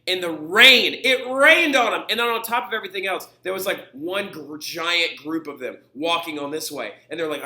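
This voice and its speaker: A male history teacher giving a lively lecture video, telling history as an animated story with put-on voices. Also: a little high, normal speed, few pauses.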